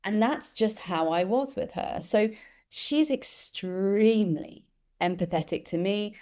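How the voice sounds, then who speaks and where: A woman, a guest who tells lively stories and acts out the voices of the people she quotes. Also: mid-range voice, unhurried. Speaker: interview guest, empathy expert. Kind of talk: conversational storytelling.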